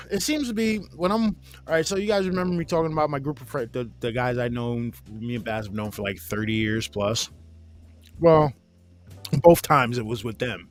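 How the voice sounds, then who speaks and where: A man's voice: mid-range voice, normal speed, soft background music. A man in his forties hosting a casual chat, telling a rambling, profane story and acting out his friends' lines with a laugh. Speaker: podcast host.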